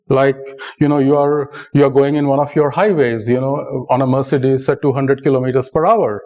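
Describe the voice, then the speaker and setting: A man with an Indian English accent speaks to an audience in a mellow, relaxed tone. He lectures in a conversational way, tells stories to make his points and keeps asking "right?" along the way. His pitch sits in the middle range. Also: moderate pace, rough recording. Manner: conversational, often adds "right?". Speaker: speaker giving a talk. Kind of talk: public lecture with anecdotes.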